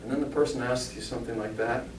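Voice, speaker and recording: Speaking fast with fairly even intonation, a man who is a spiritualist pastor and medium preaches conversationally in a church hall. He jokes and throws rhetorical questions at the congregation. The sound is echoey, the mic far away, with a faint rumble.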